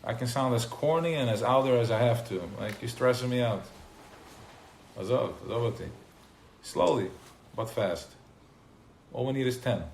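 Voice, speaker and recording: Animated man teaching in a roomy space. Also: medium pitch, normal speed, long pauses. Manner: animated, gets worked up and loud, then drops to quiet asides. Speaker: teacher of a class. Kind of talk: informal live teaching talk to a small group. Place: room with a small live audience. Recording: roomy live recording with faint noise.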